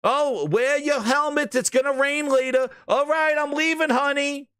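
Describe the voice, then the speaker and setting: A man's voice: very high-pitched, moderate pace, a bit bright, no room sound, clean studio sound, voice pushed up. A man mimicking an armored space soldier who chats casually like he's heading out shopping. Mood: mocking. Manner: mock-casual, sing-song. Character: breezy domesticated male armored space soldier.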